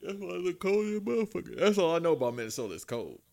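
A man's voice: sits high, big pitch swings, very fast, vocal fry, a little mellow. A man co-hosting a casual chat, joking around in slangy banter.

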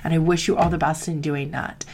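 Candid woman coaching with a low voice. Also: slight background noise. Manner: candid, confessional, frequent "like", acts out quoted voices. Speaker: career coach for marketing students. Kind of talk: heartfelt motivational talk to listeners.

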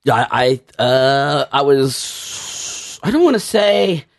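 A man's voice: mid-range voice, big pitch swings, slow pace, creaky. A man co-hosting a casual chat, telling rambling stories with lots of laughing and restarts. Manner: rambling storyteller, laughs a lot, many restarts. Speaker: podcast co-host.

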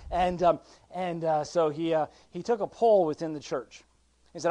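A man's voice: on the high side, moderate pace. A man preaching as pastor, talking conversationally with many restarts, rising to emphatic points and reading old-style scripture. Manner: conversational, with frequent restarts and swings from quiet to emphatic; reads scripture in King James wording. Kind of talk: sermon.

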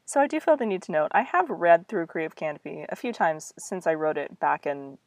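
A woman's voice: lowish voice, expressive, brisk, dry recording. A young woman reading her own old story aloud, breaking off for wry, self-mocking asides. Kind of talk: reading aloud with casual commentary.

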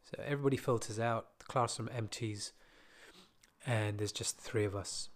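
A man casually telling a personal story from his school days, with relaxed, self-deprecating asides. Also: on the low side, moderate pace.

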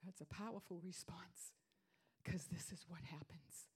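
Husky and fairly low-pitched, this woman's preaching moves at a moderate pace. She repeats phrases for emphasis, drops to hushed whispers, then builds up to loud declarations.

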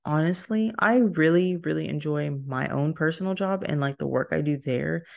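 A young woman talks through her solo podcast in a loose, rambling way, laughing easily and cutting herself off mid-thought. Her voice sits low, with a gravelly fry at the ends of phrases. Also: moderate pace. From Texas. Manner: rambling and chatty, laughs often, self-interrupting. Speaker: podcast host. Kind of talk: casual solo podcast chat.

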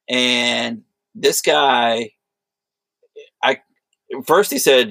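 A man's voice: medium pitch, steady tone, very slow, creaky, pauses often, fairly bright tone, no room sound. A man casually telling a rambling, profane story in conversation. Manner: rambling anecdotes with profanity and quoted voices. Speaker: podcast co-host.

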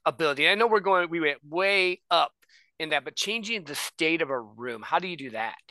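A man's voice: a little high, animated, brisk, sharp tone, dry recording. A man hosting a casual podcast conversation, talking with energy in stacked lists of points.

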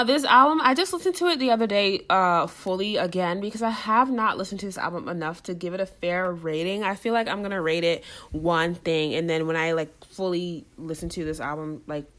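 A woman's voice: lowish voice, a bit bright. A young woman co-hosting a casual album-ranking chat, gushing and laughing often.

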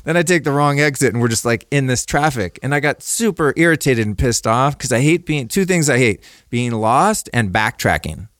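A man in his own relaxed conversational voice tells stories as a podcast guest, candid and casual, cursing freely. His pitch sits in the middle for a man, and the close studio mic sounds dry, with no room echo. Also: moderate pace, few pauses. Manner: candid, laid-back, swears freely.

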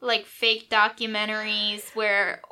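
A woman's voice: mid-range voice, monotone, takes it slowly, sharp tone. A young woman in casual chat, gushing emotionally and laughing often as she talks.

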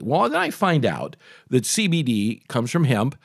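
A man in his sixties hosting a talk show, telling a story in a chatty, animated way full of restarts and asides. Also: medium pitch, a little slow, gravelly, husky, no echo, clean studio sound. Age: 60s. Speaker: radio talk show host. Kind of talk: casual storytelling monologue.

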